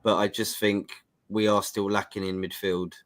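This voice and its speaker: A man's voice: on the low side, level tone, moderate pace, fairly bright tone. A man hosting a casual football podcast, speaking in a hesitant, stumbling, agreeable way. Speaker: host.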